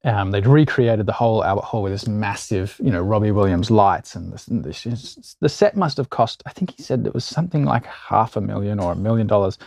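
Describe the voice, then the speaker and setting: An Australian actor guest telling anecdotes in a casual interview, animated and acting out quoted voices. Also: male voice, fairly low pitch, brisk, vocal fry, few pauses, no echo, clean studio sound.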